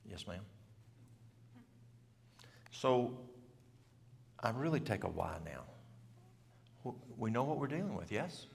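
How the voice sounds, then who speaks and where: A middle-aged man tells a story in a plain, folksy country way. His voice is deeply gravelly, with a middling pitch. It rings out with the long reverb of a church hall. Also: big pitch swings, takes it slowly, pauses often. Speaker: health seminar speaker. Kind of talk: storytelling talk to a church audience.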